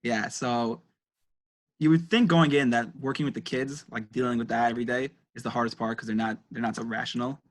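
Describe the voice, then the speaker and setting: Fast-talking young man as guest. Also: medium pitch, fairly even intonation. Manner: quick, thoughtful, many fillers. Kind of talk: casual interview chat.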